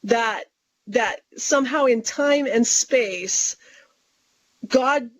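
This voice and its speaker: A woman's voice: fairly high pitch, very slow, no echo. A woman guest on an interview show, telling a story with animation and acting out what she and others said. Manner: animated, quotes herself and others in lively voices. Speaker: guest author. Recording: dull lo-fi recording.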